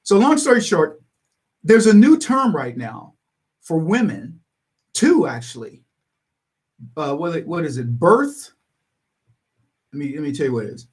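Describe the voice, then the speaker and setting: Animated, high-voiced male talk host. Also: unhurried, pauses often. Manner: animated storytelling, acting out other people's lines; chuckles between points. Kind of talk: political livestream commentary.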